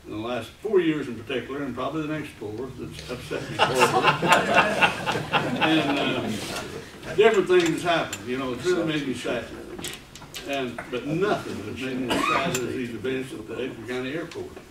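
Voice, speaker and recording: A man in his eighties, from the United States, giving a rambling, halting public comment at a meeting. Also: mid-range voice. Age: 80s. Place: meeting room. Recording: echoey room, distant mic, noisy.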